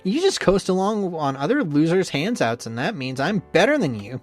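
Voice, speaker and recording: Brief: a reader putting on a resentful young rival guy. Sneering, profane, lively swings in pitch, faint music underneath. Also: moderate pace. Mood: angry. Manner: sneering, swears often. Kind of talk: visual novel voice acting.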